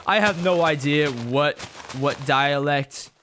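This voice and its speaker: A man's voice: fairly high pitch, slow pace. A young man from Tennessee talks through his game in a loose, rambling way and cracks jokes at himself. His Southern accent comes through. His throat is a little sore, and a faint hiss sits under the recording. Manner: rambling, chatty, self-joking. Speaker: gaming channel host. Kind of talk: Let's Play gameplay commentary.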